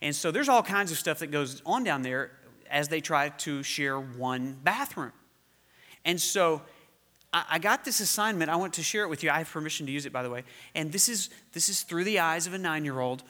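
Bright-voiced man preaching a sermon. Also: fairly high pitch. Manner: storytelling with emphatic, drawn-out stresses. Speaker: pastor. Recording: echoey hall reverb.

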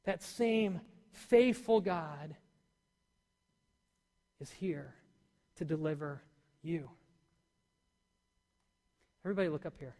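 A man preaching a sermon to a congregation, animated and full of questions to his listeners. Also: on the high side, slow, pauses often. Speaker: pastor. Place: church hall. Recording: long hall reverb.

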